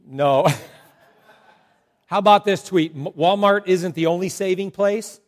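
Guy pastor preaching, kinda high voice, jokey and animated with the crowd. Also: slow. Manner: joking, animated storytelling to a congregation. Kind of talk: sermon.

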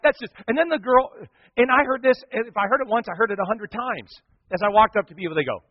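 A man preaching a sermon as the pastor, telling a story with lively, animated delivery and acting out other people's lines. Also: sits high, fast talker. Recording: dull sound with long hall reverb.

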